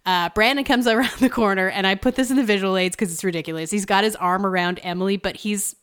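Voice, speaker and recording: A woman's voice: mid-range voice, fast talker, fairly bright tone, clear, resonant tone. A woman co-hosting a podcast, casually recapping a TV episode with frequent laughs and wry asides. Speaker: podcast co-host.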